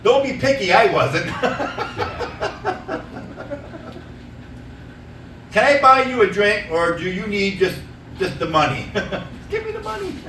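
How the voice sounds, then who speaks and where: Loud, high-voiced man doing stand-up. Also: extremely slow, long pauses, a little hiss or hum. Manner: loud, animated storytelling, laughing at own jokes. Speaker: stand-up comedian. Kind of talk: stand-up comedy set. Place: small theater stage. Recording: echoey room, mic from a distance.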